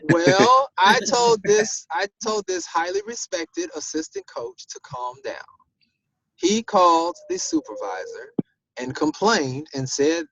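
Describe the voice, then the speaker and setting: A sports official telling a story in a casual group discussion, animated and given to repeating himself. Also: male voice, a little high, slow, rough recording.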